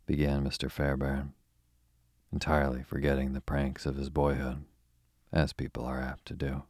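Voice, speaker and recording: A young man hosting and narrating a bedtime story in a slow, calm, soothing way. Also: extremely low pitch, no echo, clean studio sound.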